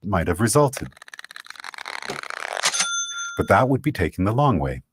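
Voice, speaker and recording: A man narrating an explainer video in a steady, scripted way. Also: lowish voice, measured pace, background noise.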